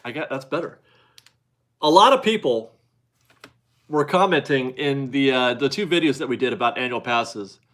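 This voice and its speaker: A man's voice: mid-range voice, expressive, moderate pace, pauses often, a bit bright. A man hosting a casual live stream, chatting loosely with viewers, rambling and laughing as he talks. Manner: rambling, chatty, laughs often, restarts sentences. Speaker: livestream host reading viewer chat.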